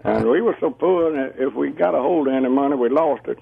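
A man calls in to a radio show, speaking slowly and haltingly with small chuckles. His voice is gravelly and husky, heard over a thin, tinny phone line. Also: medium pitch, no echo. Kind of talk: casual phone-in chat.

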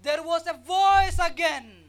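Emphatic high-voiced preacher. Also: slow. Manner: emphatic, raising the voice on key phrases. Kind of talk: sermon preached through an interpreter.

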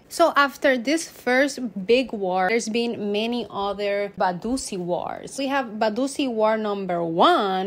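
A woman's voice: fairly high pitch, a little hiss or hum. A young woman vlogger narrating an invented history in a dramatic, playfully over-serious way. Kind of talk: mock-serious comedic history storytelling.

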